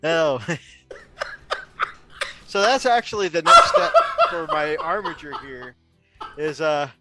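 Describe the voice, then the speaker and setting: Animated, laughing man telling a story. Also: a little high, slow pace, vocal fry, loud music behind the voice. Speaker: co-host. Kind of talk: casual livestream banter.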